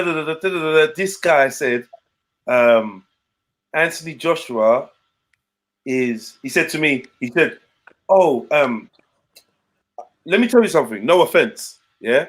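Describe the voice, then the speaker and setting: Guy, young adult, high voice, slangy, animated storyteller. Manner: animated, slangy, swearing, quoting people in voices. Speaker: podcast co-host. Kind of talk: casual chat, storytelling.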